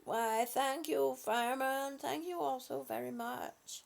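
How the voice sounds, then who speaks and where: Gentle lady on a live stream, kinda high voice, crackly, calls everyone honey. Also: vocal fry. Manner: soft, affectionate, calls viewers honey and sweetie; halting, with frequent repeated words. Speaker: livestream host reading viewer comments. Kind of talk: slow casual live chat.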